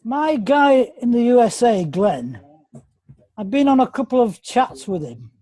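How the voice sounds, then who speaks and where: A man's voice: extremely high pitch, big pitch swings, a little slow, mellow, dry recording. Rambling man on a dry call line. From England. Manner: rambling, apologetic. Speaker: meeting participant. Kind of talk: casual group call chat.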